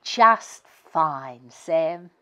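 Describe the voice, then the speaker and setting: A woman reading aloud as a tired, injured father who talks in a sleepy, soft way. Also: sits low, lively intonation, extremely slow, exaggerated voice.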